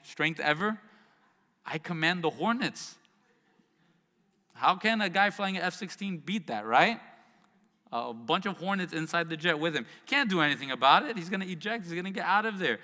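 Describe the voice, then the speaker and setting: Bright-voiced man preaching in a hall. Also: high-pitched, expressive, brisk. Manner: conversational preaching with asides and rhetorical questions. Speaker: pastor. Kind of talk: sermon.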